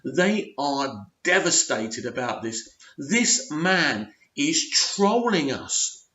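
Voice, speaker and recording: A man's voice: a little high, bright, forceful tone. A man giving an unscripted, frustrated rant as a TV review vlogger, full of emphatic rhetorical questions. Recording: roomy, dull lo-fi sound.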